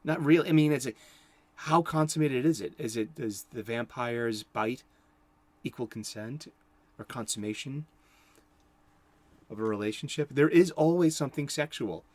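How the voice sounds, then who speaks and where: A man's voice: medium pitch, normal speed, pauses often, dry recording. A man giving casual commentary on horror movies, rambling and chuckling, with many restarts.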